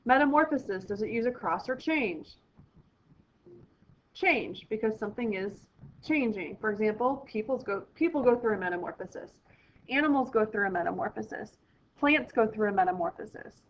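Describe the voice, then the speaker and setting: A woman with a fairly high voice teaches a recorded vocabulary lesson. She explains each word clearly and step by step for her students. The sound is a little dull and lo-fi, with a faint hiss behind it. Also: expressive, normal speed.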